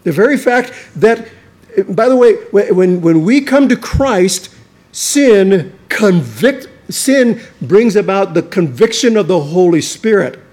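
A man preaching a sermon as a pastor, earnest and emphatic, with frequent restarts and stretches where he drops to a quieter, intense delivery. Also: high voice, expressive, slow pace.

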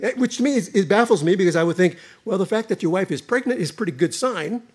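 A man preaching a sermon, speaking emphatically with dramatic pauses and repeated phrases. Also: high voice, animated, husky. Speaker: pastor.

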